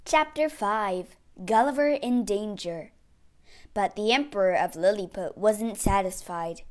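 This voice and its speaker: A woman reading a children's storybook aloud, clear and expressive. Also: mid-range voice, slow pace.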